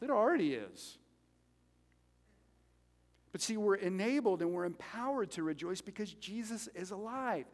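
A man preaching a sermon as pastor, animated and conversational, joking with the congregation between points. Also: high-pitched. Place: church sanctuary. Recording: reverberant hall.

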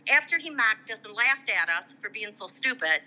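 Bright, lively woman telling stories. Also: on the high side, moderate pace, rough recording. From Michigan. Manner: animated, acts out quoted voices. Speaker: guest. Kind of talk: casual storytelling.

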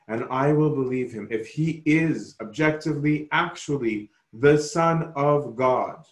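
A man preaching a sermon slowly and emphatically, often pausing to ask "right?". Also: mid-range voice, reverberant. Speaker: pastor.

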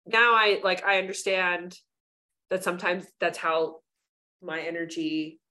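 A woman's voice: fairly low pitch, level tone, a little slow, bright, forceful tone. Chatty woman co-hosting a casual podcast. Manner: chatty, filler-heavy, acts out quoted voices. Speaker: podcast co-host. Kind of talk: casual chat.

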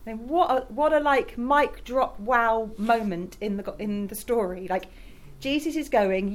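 A woman's voice: fairly high pitch, lively intonation, moderate pace. Enthusiastic woman preaching a sermon. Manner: conversational and enthusiastic, addresses the congregation directly. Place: church in Rotterdam.

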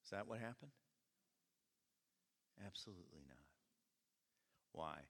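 A man pastor delivers a lively sermon, his pitch leaping up and down as he questions the congregation. His voice is bright and forceful. A long reverb from the church hall hangs behind every line. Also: measured pace. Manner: animated, questioning the congregation, acting out quotes. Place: church service.

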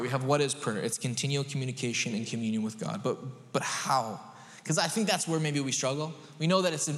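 A man preaching a sermon as a pastor, conversational and animated, rising to emphatic peaks. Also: medium pitch. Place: church sanctuary. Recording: long reverb of a large hall.

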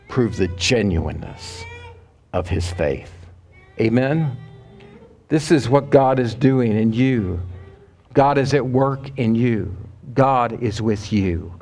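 A male preacher delivering a sermon, telling a story dramatically and often dropping to a hushed, low voice.

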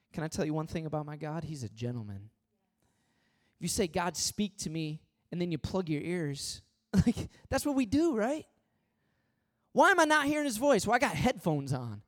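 A man preaching a sermon as pastor, swinging from loud pleading questions to hushed, earnest appeals. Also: fairly high pitch.

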